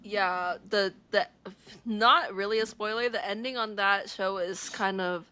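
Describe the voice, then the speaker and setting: A woman's voice: medium pitch, fairly even intonation, measured pace, sharp tone, clear, resonant tone. A young woman hosting a podcast in casual chat, easygoing and a bit hesitant, often correcting herself. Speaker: podcast host.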